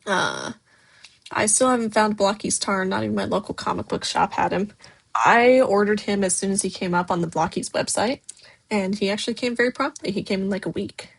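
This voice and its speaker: A woman's voice: mid-range voice, fairly quick, creaky, breathy edge. A woman hosting a casual livestream, reading chat messages aloud and answering them in a loose way, with many fillers. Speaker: stop-motion creator hosting a livestream.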